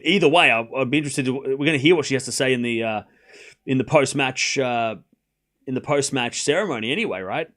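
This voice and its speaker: A man's voice: mid-range voice, fairly bright tone. A man hosting a live tennis watchalong stream, rambling casually with lots of "you know" and restarts. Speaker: host.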